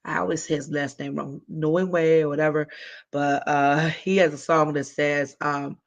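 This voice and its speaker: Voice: medium pitch, flat delivery, unhurried, gravelly, muffled recording. A livestream host giving heartfelt advice in a casual, emphatic way, talking straight to viewers with colloquial slang. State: voice cracking.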